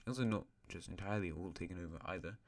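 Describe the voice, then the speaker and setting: Low-voiced man rambling over a map. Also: very fast. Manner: rambling, self-correcting, joking asides. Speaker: host of a map series. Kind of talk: casual narration of an alternate-history map.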